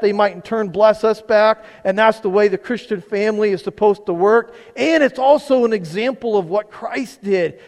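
A male pastor with a high-pitched, slightly mellow voice preaches conversationally to his church, often posing questions to the congregation and repeating words along the way. The recording, made in the church sanctuary, carries long hall reverb.

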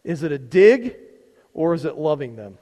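This pastor's fairly high, mellow voice has a sing-song lilt at normal speed. In his church sanctuary he preaches conversationally, often asking the congregation questions and repeating words, and the recording has a long hall reverb.

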